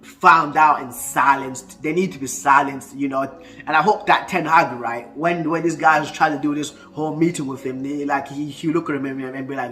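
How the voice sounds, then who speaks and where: A man's voice: fairly high pitch, normal speed, bright, forceful tone. A man, ranting about football in a casual vlog, heated and full of stuttering restarts. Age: 20s. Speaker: football fan vlogger.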